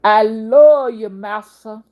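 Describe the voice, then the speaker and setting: A woman voicing a humble, devoted farmhand who pleads with his master, in a slow Southern drawl. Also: fairly high pitch, dull audio, voice pushed up. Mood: pleading devotion.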